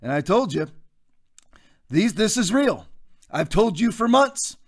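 A man's voice: high voice, very animated, unhurried. A man hosting a political commentary show, talking in an emphatic, mocking way with folksy asides. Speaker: host.

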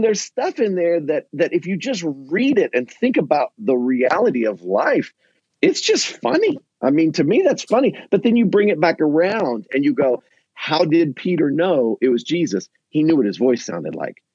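A man, a pastor, chatting on a panel and telling a Bible story with lively, acted-out quotes. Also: fairly high pitch, normal speed, no room sound. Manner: animated storyteller who acts out quotes. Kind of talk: casual panel chat. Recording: husky, dull, dry sound.

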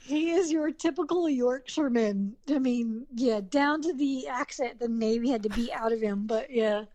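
High-voiced Southern woman chatting. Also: moderate pace, dark tone, no echo. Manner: laughs often, rambling with restarts. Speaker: podcast guest. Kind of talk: casual chat.

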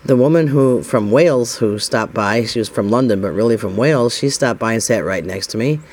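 A man's voice: mid-range voice, brisk, a little mellow. A middle-aged man from the United States tells a personal story in a rambling, casual way, voicing the dialogue with lots of "I said" and "he says".

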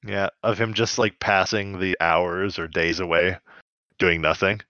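A man in his thirties joking around in casual podcast chat, animated and full of fillers. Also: sits low, unhurried, dry recording, muffled recording. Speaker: podcast co-host.

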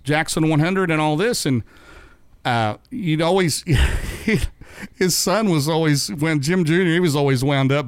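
Middle-aged man, guest storyteller, rambling chat, chuckles, smooth resonant voice, dry close sound. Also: on the high side, a little slow, dry recording. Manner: rambling, many restarts and asides; chuckles while telling stories. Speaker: guest recalling dirt track racing.

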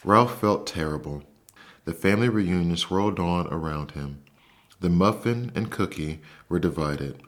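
A man hosting a bedtime story podcast, reading a children's book aloud in a soft, slow, soothing way. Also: deep voice. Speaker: podcast host and narrator. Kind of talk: calm bedtime story narration.

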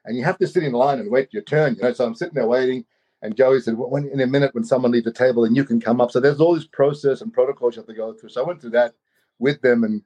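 A man telling a personal story in an animated way, often saying "you know". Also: mid-range voice, fast talker. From Australia. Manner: animated, acts out quoted voices, many "you know"s.

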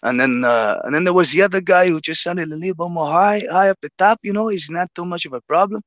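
A man's voice: sits high, fast talker, fairly bright tone, no room sound. A man in casual podcast chat, talking emphatically and swearing freely.

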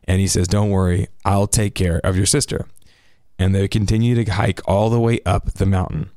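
A man's voice: deep voice, moderate pace, dry recording, clean studio sound. A man chatting casually on a podcast, retelling an anime episode and acting out the characters' lines as he goes. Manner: animated storyteller, acts out characters' lines. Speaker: podcast co-host recapping an anime. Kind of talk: casual chat.

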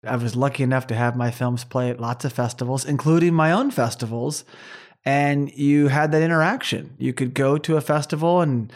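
A middle-aged man talking at a medium pitch as he co-hosts a casual podcast. His delivery is earnest and runs on at length, with long stretches of unbroken talk. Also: fairly even intonation, normal speed. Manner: earnest, rambling, warm appreciation of fans. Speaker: podcast co-host.

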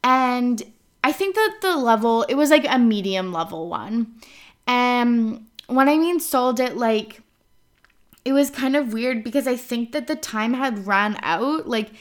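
A woman in her twenties from British Columbia, hosting a casual solo podcast in a chatty, rambling way with lots of "like". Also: fairly high pitch. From British Columbia, Canada. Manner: chatty, rambling, heavy use of "like", frequent laughs. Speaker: podcast host.

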